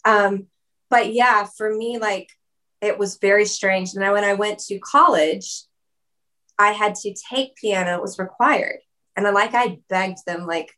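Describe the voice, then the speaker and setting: A woman's voice: mid-range voice, a little slow, sharp tone. Casual talk, chatty woman full of "likes" and "ums". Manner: chatty, lots of "like" and "um", laughs often. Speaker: musician guest. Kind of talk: casual interview chat. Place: video call.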